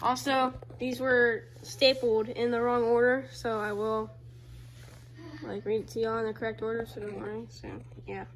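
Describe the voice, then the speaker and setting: A woman casually walking through her own homemade comics, rambling and full of fillers, now and then bursting into loud high character voices. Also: flat delivery, normal speed, slight background noise. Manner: rambling, filler-heavy, loose storytelling. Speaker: creator reading own comics. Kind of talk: casual chat.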